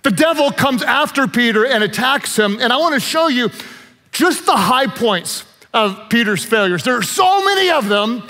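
A man's voice: extremely high pitch, normal speed, in a large hall. A man preaching a sermon as pastor, telling stories with joking asides. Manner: animated storyteller, joking asides.

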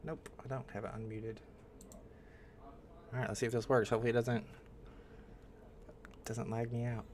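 A man's voice: medium pitch, level tone, normal speed, pauses often, a little mellow, slight background noise. Man rambling casually on a livestream. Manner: rambling, thinks aloud, greets chat. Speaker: livestream host. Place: home.

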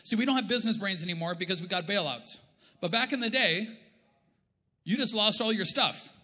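A man preaching a sermon as pastor, telling funny stories and swinging from loud bursts to quiet asides. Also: sits high, expressive, brisk. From Canada. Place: large church auditorium. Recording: church hall reverb.

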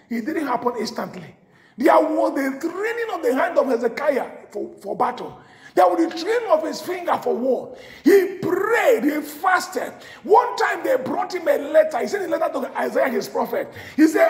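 High voiced guy preaching hard, shouts then drops way low, pitch all over, echoey room. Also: big pitch swings, moderate pace. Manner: impassioned, swinging from shouts to low murmurs. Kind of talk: sermon.

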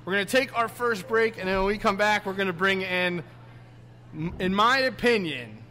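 A man's voice: high-pitched, moderate pace, sharp tone. A man from hosting a casual comedy radio show, laughing often and getting flustered.

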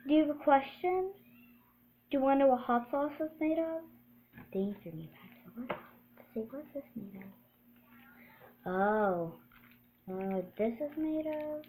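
A woman's voice: sits high, lively intonation, normal speed, pauses often, warm tone, a little hiss or hum, low-quality recording. A woman playing a female search engine in a home skit, answering questions in a chatty, offhand way with muttered asides.

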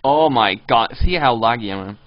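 Here a man gives live gameplay commentary, wandering from thought to thought as he reads out in-game signs and viewer messages. He has an expressive mid-range voice at a moderate pace, and the stream audio is dull and lo-fi.

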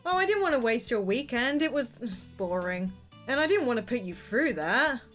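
A woman's voice: a little high, very animated, normal speed, a bit bright, faint music behind. A woman voicing Jake, a hesitant young man, in a cartoon story. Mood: awkward. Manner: hesitant, with fillers.

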